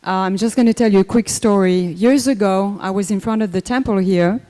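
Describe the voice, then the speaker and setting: Older woman speaking softly in a hall. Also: medium pitch. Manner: unhurried, conversational, many fillers and restarts. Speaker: memorial speaker. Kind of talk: personal memorial talk. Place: temple hall. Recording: echoey hall reverb.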